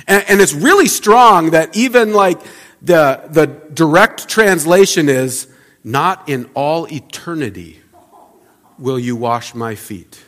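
A man's voice: high-pitched, expressive, slow pace, a bit bright. Man preaching in a reverberant hall. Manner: conversational, many restarts and repeated words. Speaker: pastor. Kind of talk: sermon.

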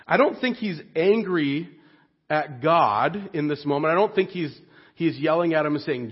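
A man giving a sermon in an earnest, expressive way, dropping soft and low on grave points. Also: a little slow, husky. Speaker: preacher. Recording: dull lo-fi recording.

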